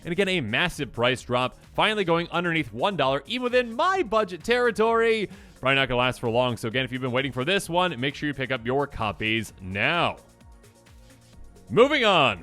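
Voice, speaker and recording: A man hosting a casual card review, chatty and enthusiastic, with a slightly hoarse voice. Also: fairly high pitch, a bit bright. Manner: enthusiastic, chatty, lots of fillers. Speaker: channel host.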